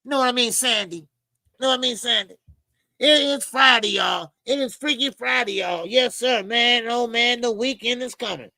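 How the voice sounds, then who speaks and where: Male host with a high, raspy voice, emphatic slangy boxing rant, dry room. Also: moderate pace, sharp tone, no echo. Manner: emphatic, repetitive, slangy, calls listeners "baby". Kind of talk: animated boxing commentary rant.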